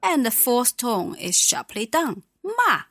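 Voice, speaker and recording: Slow, patient woman teacher. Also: medium pitch, fairly bright tone, no room sound, clean studio sound. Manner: patient, clear, models pronunciation slowly. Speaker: language teacher. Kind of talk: conversational language lesson.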